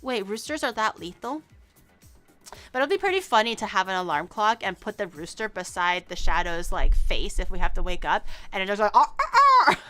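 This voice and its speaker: Bright, giggly woman streamer. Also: medium pitch, expressive, fairly quick, soft background music. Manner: giggly, rambling, chatty with many restarts. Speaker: VTuber streamer. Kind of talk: casual live-stream chat.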